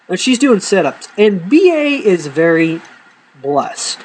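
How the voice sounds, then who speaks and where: A man casually telling profane, animated stories from his life to camera, acting out the people in them. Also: high voice, a little slow, a little hiss or hum, rough recording.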